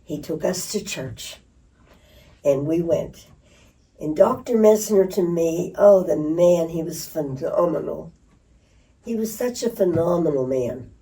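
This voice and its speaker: An older woman reminisces in an interview, telling lively stories, laughing, and acting out voices. Her voice sits on the low side and she speaks a little slowly. The mic is distant.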